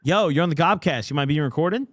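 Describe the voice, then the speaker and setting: A man's voice: on the high side, lively intonation, fast talker, no echo. A male podcast host giving casual, sarcastic commentary with lots of wisecracks. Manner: sarcastic, wisecracking, says dude a lot.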